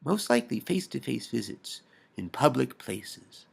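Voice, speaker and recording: A man speaks in a deeply gravelly, husky voice with plenty of vocal fry. He rambles intensely through a personal video message, full of halting restarts and swearing, and often sinks to a whisper. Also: very animated.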